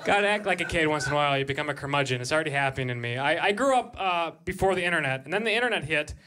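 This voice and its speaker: A man in his thirties doing a stand-up comedy set on a club stage, breaking into shouted high voices for his bits. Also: lively intonation, racing, a little hiss or hum.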